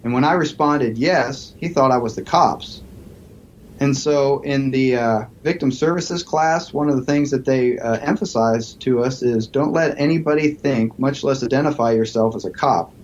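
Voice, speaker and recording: A man's voice: medium pitch, normal speed, highs cut off, a little hiss or hum. A man, a police negotiator and psychology professor, telling a story as a podcast guest and acting out the quoted voices.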